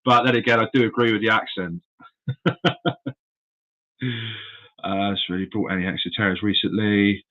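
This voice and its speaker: Chatty bloke hosting a live stream, lowish voice with a bright edge, dull lo-fi audio. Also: male voice, steady tone, quick pace, few pauses. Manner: chatty and friendly, addresses viewers as mate and buddy. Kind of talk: casual live-stream chat. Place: indoors in his room of animal enclosures.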